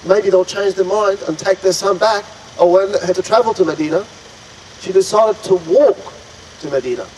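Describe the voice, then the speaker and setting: A man tells a religious story to listeners in a somewhat high voice, earnest and dramatic, often stopping to marvel aloud. A faint hum of air conditioning sits behind him. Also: normal speed, a little mellow, rough recording. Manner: earnest, dramatic, frequent pious exclamations. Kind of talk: retelling an Islamic story to an audience.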